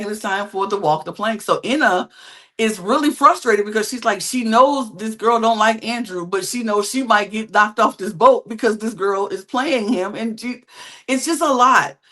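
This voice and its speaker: A woman hosting a podcast, recapping reality TV in an animated, chatty storytelling style with slangy quips. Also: medium pitch. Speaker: podcast host.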